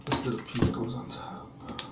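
Brief: man vlogger, foul-mouthed and fed up, rambling review taped in a small bathroom with echo and background hiss. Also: unhurried. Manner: profane, exasperated rambling. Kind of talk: casual product review vlog. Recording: echoey bathroom with background noise.

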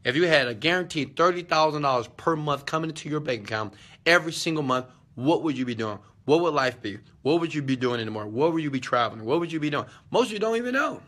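Fast and a bit bright, a medium-pitched male voice answers viewer questions during a casual live motivational session he hosts. Preachy and emphatic, he keeps tossing out rhetorical questions, slangy asides, and a frequent "okay?".

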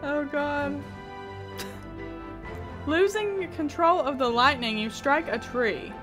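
A woman's voice: high-pitched, lively intonation, unhurried, a bit bright, faint music behind. A woman gaming YouTuber reading a text adventure aloud and reacting with frequent laughter, swearing and exclamations of disbelief.

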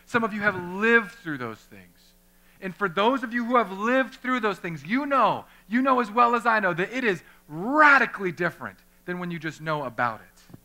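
A young male pastor preaches in an animated, conversational way, often slipping into the voices of people he quotes. His voice sits fairly high and rings very bright and forceful. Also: moderate pace. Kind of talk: sermon. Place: church chapel.

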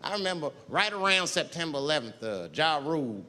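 A young adult man doing a stand-up comedy set, telling profane stories and acting out characters in loud, high voices. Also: big pitch swings, a little fast, in a large hall.

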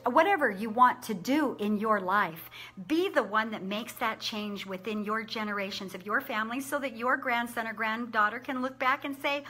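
A middle-aged woman talks to the camera in a casual, chatty way and laughs often. Her voice is a little high and very bright, with an upbeat, encouraging tone. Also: moderate pace. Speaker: business owner sharing conference takeaways.

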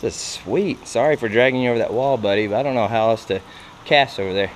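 At a creek under a bridge, a fishing vlogger records himself landing bass, talking at a quick pace and exclaiming and laughing with excitement at each catch. Noisy outdoor camera audio carries his commentary.

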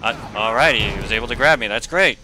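A man's voice: mid-range voice, fast talker, pushed and bright, faint music behind. A young man giving casual commentary while playing a fighting game, trash-talking the opponent and grumbling in frustration.

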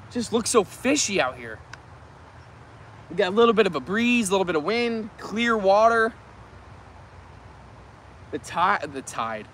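A man chatting to viewers in a casual outdoor fishing vlog, excitable and talkative, recorded on a camera mic by a canal. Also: high voice, a little hiss or hum. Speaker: fishing vlogger.

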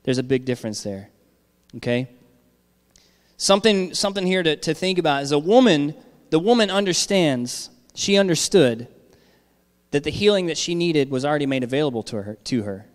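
A man's voice: on the high side, animated, moderate pace, long reverb tail. A man giving a sermon as pastor, talking conversationally and checking in with the congregation with frequent "all right?".

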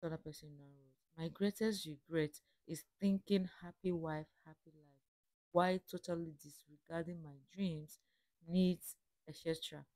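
A woman's voice: low-pitched, steady tone, a little mellow, no room sound. A young woman from Africa reading comments aloud and chatting about them in a reflective, casual way. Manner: chatty, reflective, reads quotes slowly then comments. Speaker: reaction video host.

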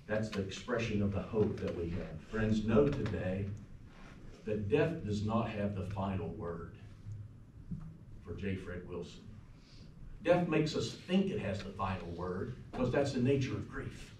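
A pastor with a fairly low voice, delivering a eulogy in a funeral home chapel. He tells stories about the man who died and sometimes drops to a soft, quiet tone. The sound is roomy and picked up from a distance. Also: lively intonation, a little slow, slight background noise. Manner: storytelling, warm anecdotes, turns soft and quiet at times. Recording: echoey room from far off.

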